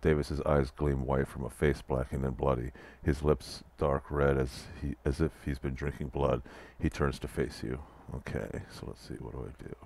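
Very deep-voiced man reading a text game aloud. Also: flat delivery, normal speed, vocal fry, hardly any pauses, darkish tone. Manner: dry wry asides between narrated passages. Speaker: let's play player reading text aloud. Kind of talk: reading interactive fiction aloud with asides.

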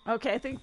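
A giggly, excitable woman chatters through her gameplay at an unhurried pace, her voice sitting fairly high. Faint music plays beneath her voice. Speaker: gamer. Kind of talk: gameplay commentary.

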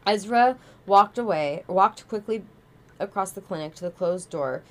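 A woman's voice: mid-range voice, lively intonation, normal speed. A woman streamer reading a novel aloud, often stumbling and correcting herself.

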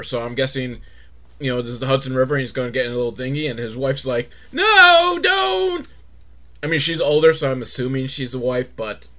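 A man hosting a comedic movie recap, rambling and sarcastic, acting out characters in squeaky voices. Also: a bit bright.

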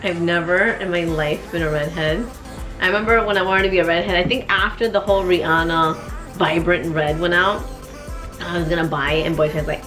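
A woman's voice: lowish voice, steady tone, fairly quick, music in the background. A young woman in her twenties talking to the camera at home in a playful, goofy way, sprinkling Spanish phrases into her vlog. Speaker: vlogger. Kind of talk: casual vlog talk to camera.

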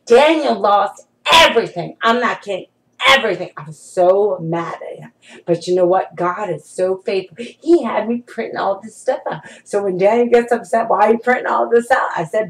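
A woman's voice: mid-range voice, rough recording. A middle-aged woman giving an informal prophetic sermon, talking conversationally and emphatically to her followers, calling them saints.

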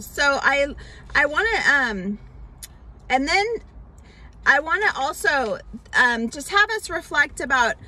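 A woman pastor telling a Bible story in a children's sermon, explaining slowly with many fillers and restarts. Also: sits high, pushed and bright, rough recording.

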